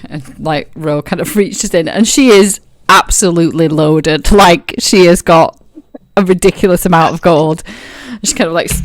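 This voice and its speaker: A woman narrates a tabletop game as game master, chatty and casual, full of filler words. Her voice sits low for a woman. The sound is dry and close. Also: moderate pace, dry recording.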